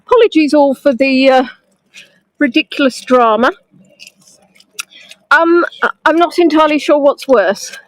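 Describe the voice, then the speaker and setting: With a high voice and a measured pace full of long pauses, a virtual tour guide live-streams a walk through a snowy town street, chatting and greeting viewers by name. She films on a phone on a gimbal held close to her face, producing a dry recording with poor audio.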